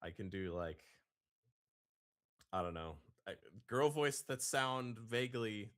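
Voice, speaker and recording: A man appearing as a guest on a live show, talking in a slow, halting and wry way. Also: on the low side, lively intonation, a bit bright. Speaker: guest voice actor. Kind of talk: casual chat.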